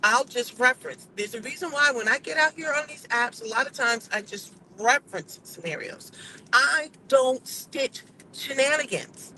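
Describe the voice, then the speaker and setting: A woman vlogger talking casually to camera, giving her opinions in an animated, emphatic and sassy way. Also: high-pitched, slight background noise, low-quality recording.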